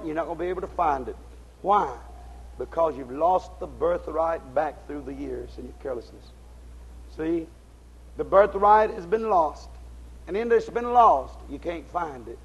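A man preaching a fiery sermon, in folksy, ungrammatical speech, swinging between shouted exhortation and low, intense tones. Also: normal speed, slightly rough, highs cut off.

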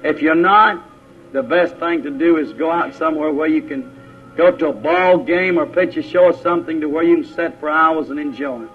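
Folksy preacher, muffled recording. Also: male voice, normal speed, faint music behind. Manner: folksy, plain-spoken, rises in pitch when exhorting. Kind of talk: sermon. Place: church. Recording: lo-fi muffled old church recording.

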